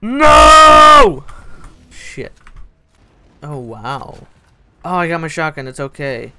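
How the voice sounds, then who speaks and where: A gaming channel host giving excitable gameplay commentary, swearing often and yelping at what happens in the game. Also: medium pitch, takes it slowly. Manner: excitable, swears a lot, yelps and laughs at the game.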